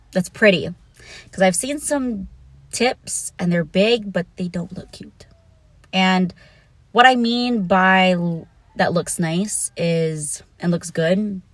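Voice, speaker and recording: A woman's voice: medium pitch, a bit bright, no room sound. Frank, giggly young woman vlogger. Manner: frank, giggly, swearing, self-conscious asides. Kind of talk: casual candid monologue.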